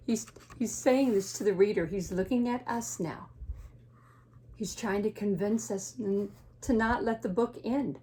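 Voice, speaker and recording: A woman teacher reading a picture book aloud to children, gently pointing things out and asking them questions. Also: medium pitch, unhurried, breathy edge. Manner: gentle, questions and asides to young listeners.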